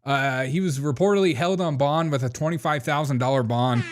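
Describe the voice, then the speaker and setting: A man's voice: medium pitch, a little fast. A man hosting a show, chatting casually and mockingly as he reacts to video clips, laughing often. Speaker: show host.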